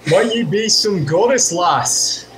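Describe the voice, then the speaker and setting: Guy doing a polite old-timey samurai, kinda high voice, formal wording. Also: lively intonation, slow pace, a bit bright, faint music behind, heavily acted, rough recording. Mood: courtly. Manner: formal, archaic phrasing. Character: courteous old-fashioned samurai man.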